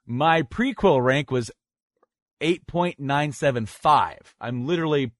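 A man hosting a casual podcast over a call, rambling and correcting himself as he talks, with bursts of excited laughter. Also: a little high, measured pace, no room sound, clean studio sound. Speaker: podcast host.

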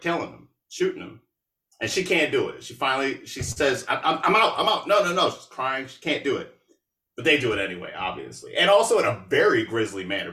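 A sarcastic man recapping a film for a podcast, with lots of asides. His voice is bright and crisp, and it sounds roomy, a little away from the mic. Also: mid-range voice, far from the mic. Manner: animated, sarcastic, with laughs and asides. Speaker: podcast host. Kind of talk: casual movie recap.

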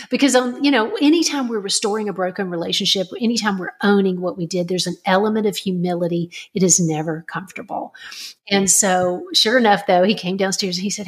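A woman's voice: medium pitch, fast. A middle-aged woman, a parenting author, earnestly telling a family story as a podcast guest. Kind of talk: conversational storytelling.

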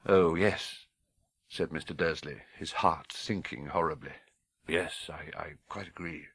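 A man's voice: extremely low pitch, unhurried, fairly bright tone, no echo, full character voice. A British man voicing a nervous, stuffy middle-aged homeowner who stammers and hesitates. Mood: sinking.

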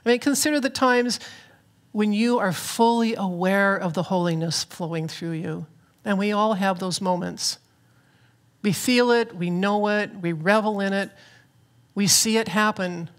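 Woman minister giving a sermon, earnest and reflective, bit of humor, mid pitch. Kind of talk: spiritual sermon. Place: church platform.

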